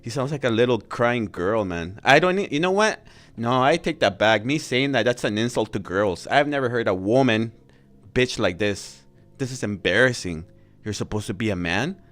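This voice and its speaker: A man's voice: medium pitch, expressive, normal speed, a bit bright. A man streaming live, reacting to a clip with profane, mocking commentary and frequent laughter. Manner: mocking and crude, laughs often.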